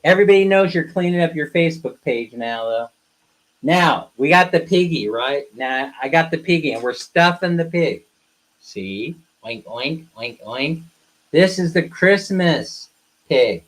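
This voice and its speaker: A man with a slightly high voice hosts a casual live stream. He talks straight at his viewers in a blunt, ranting way, then turns playful and teasing. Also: lively intonation, a little slow, low-quality recording. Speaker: live streamer, co-host of a couple's channel.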